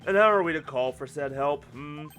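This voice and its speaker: A performer voicing a hearty older male adventurer in a fan voice-over of a story game, loud and boisterous. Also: moderate pace, soft background music, natural voice. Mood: teasing. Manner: boisterous, booming.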